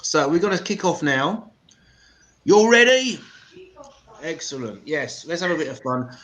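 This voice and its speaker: A man's voice: fairly high pitch, moderate pace, a bit bright, rough recording. An English man hosting an open mic comedy show, with profane, self-mocking stand-up banter. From England.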